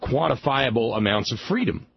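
A man hosting a radio talk show, answering a caller in a halting, thoughtful way. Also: mid-range voice, expressive, vocal fry, slightly rough, dry recording. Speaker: radio host. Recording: dull lo-fi sound with faint noise.

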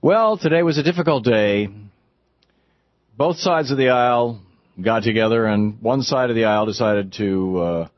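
A man doing a brief impression of a calm, conciliatory male politician giving a hesitant, even-handed statement. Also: medium pitch, normal speed, no echo, lo-fi sound, voice pushed up, lightly acted.

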